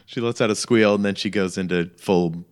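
A man's voice: low voice, fairly even intonation, moderate pace. A man narrating a tabletop game as game master, talking in a casual, rambling way full of "like". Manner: casual, rambling, heavy use of "like".

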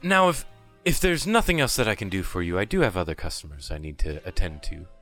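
A man voicing a brisk, polite female tavern barmaid. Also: low voice, expressive, a bit bright, faint music behind, pitched below the performer's own voice.

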